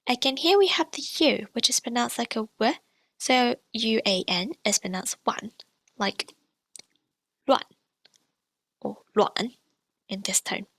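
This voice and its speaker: Woman teacher with a gravelly edge. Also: on the high side, a bit bright, no room sound. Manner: clear, demonstrates sounds slowly and repeats them. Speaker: language teacher. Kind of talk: explaining pronunciation in a lesson.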